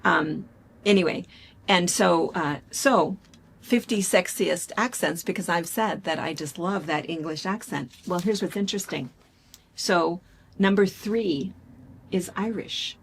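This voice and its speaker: A woman from the United States co-hosting a casual chat show, telling stories in an animated, chatty way. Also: on the low side, measured pace, creaky, breathy edge. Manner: chatty, animated storytelling with laughs. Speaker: co-host.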